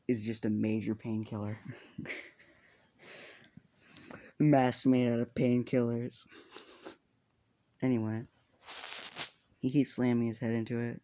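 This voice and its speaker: Brief: laid-back guy narrating a fan story, mellow voice, loose and profane. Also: mid-range voice, highs cut off. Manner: rambling, laughing, swearing often. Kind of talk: casual fan story retelling.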